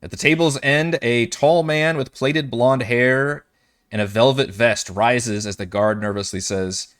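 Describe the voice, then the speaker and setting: A man narrating a tabletop game as game master over a voice call, describing scenes slowly with many fillers. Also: mid-range voice, fairly bright tone. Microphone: headset or desk mic on a voice call.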